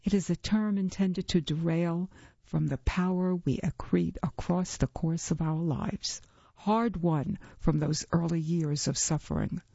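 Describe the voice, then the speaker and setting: Slow, gravelly woman reading a story. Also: mellow, dry recording. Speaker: narrator. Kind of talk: audiobook reading. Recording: dull, low-fi recording.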